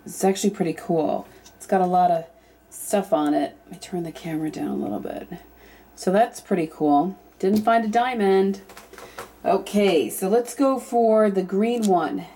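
A young woman chatting casually through an unboxing vlog, thinking aloud and at times breaking into excited squeals. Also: mid-range voice, normal speed. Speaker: YouTube vlogger.

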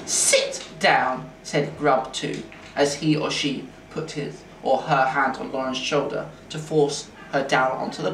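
Man, storybook read-aloud, expressive and playful, echoey room, mic far away, faint hiss. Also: on the high side, gravelly. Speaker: teacher reading to children.

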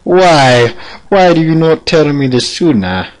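A man voicing a high, whiny male underling soldier who keeps anxiously questioning his commander. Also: big pitch swings, slow pace, low-quality recording.

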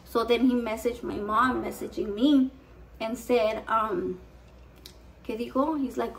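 A woman's voice: fairly high pitch, a little slow, vocal fry, far from the mic, slight background noise, low-quality recording. A young woman telling a rambling, profane story in a casual vlog, slipping into Spanish. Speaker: vlogger.

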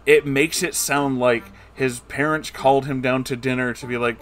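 A man's voice: mid-range voice, fairly even intonation, moderate pace, hardly any pauses, a bit bright, soft background music. A man giving comedic, sarcastic commentary while reading a book aloud, exasperated and swearing freely.

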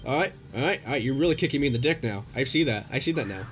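A man's voice: medium pitch, racing. Young dude cursing at his game, voice jumping all over, game music playing. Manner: excitable, swears at the game, yelling bursts. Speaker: gaming YouTuber. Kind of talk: let's play commentary.

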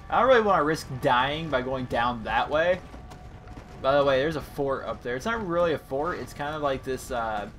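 A young man giving casual, jokey let's-play commentary, bursting into excited shouts, with his voice over the game audio. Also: medium pitch, a little hiss or hum. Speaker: gaming commentator. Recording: voice over loud game sounds. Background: game sounds, horse hooves.

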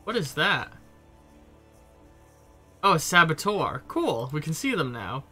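A man with a stuffy cold giving casual, excitable commentary while playing a game. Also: a little high, slow, slightly rough, faint music behind. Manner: chatty, swearing, excitable reactions. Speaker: let's play streamer. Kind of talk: gameplay commentary.

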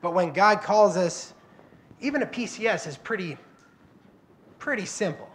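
Man, guest preacher, relaxed conversational sermon in a church, slightly high voice. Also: moderate pace, a little hiss or hum. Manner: conversational, acts out quoted prayers and dialogue.

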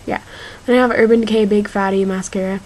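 A woman's voice: mid-range voice, fairly even intonation, a little mellow, low-quality recording. A young woman in her teens rambling through a casual shopping haul video, with lots of fillers and y'all. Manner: slow, rambling, filler-heavy, says y'all. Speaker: vlogger.

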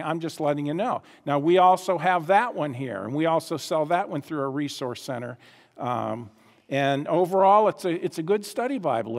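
A man's voice: fairly high pitch, in a large hall. A man preaching a sermon, emphatic, repeating phrases and asking the audience questions.

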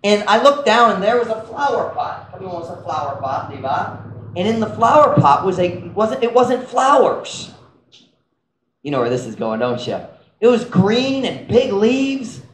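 A man preaching a sermon as pastor, telling a story with animated energy and slipping into Cebuano phrases. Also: high voice, moderate pace. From United States. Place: church sanctuary. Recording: echoey church with faint hum.

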